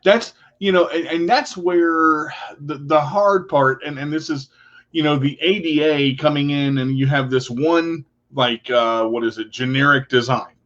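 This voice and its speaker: Guy co-hosting a radio chat, lively, does silly voices, slightly high voice, muffled lo-fi sound. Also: unhurried. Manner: animated, acts out funny voices in his stories. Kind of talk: casual chat. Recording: dull lo-fi radio show audio.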